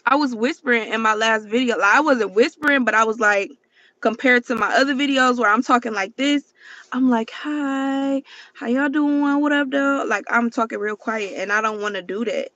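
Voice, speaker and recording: A woman chats on a casual livestream in a bright, forceful voice, swearing freely and talking straight to her viewers. The sound is dry and a little dull and lo-fi, as if it came from a phone or webcam. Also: on the high side, a little fast, dry recording. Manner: chatty and profane, keeps addressing viewers. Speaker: livestream host.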